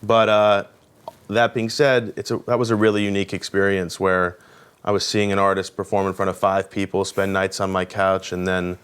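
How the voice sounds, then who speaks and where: A man's voice: low-pitched, flat delivery, moderate pace, a bit bright, clean tone. A man answering interview questions, earnest and reflective, often restarting his sentences. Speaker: guest record executive.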